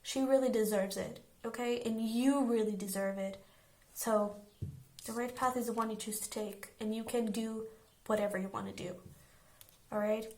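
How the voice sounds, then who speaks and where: A woman's voice: fairly high pitch, fairly even intonation, normal speed, a little mellow. A young woman giving a casual pick-a-card tarot reading, earnest and reassuring, often checking in with "okay?". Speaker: tarot reader.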